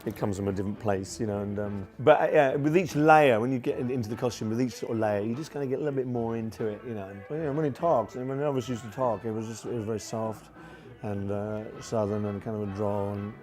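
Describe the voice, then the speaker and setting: A man's voice: fairly low pitch, fast talker, a little mellow, faint music behind. A man in his forties, a tribute performer, chatting in a documentary interview with lots of fillers and restarts. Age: 40s.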